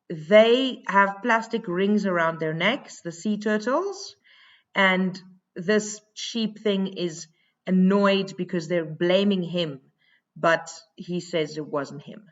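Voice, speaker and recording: A woman teacher talks slowly through a recorded lesson, thinking aloud and filling her pauses with "um". Her voice sits at an ordinary pitch. The sound is a bit dull and lo-fi. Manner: slow, thinking aloud with many fillers.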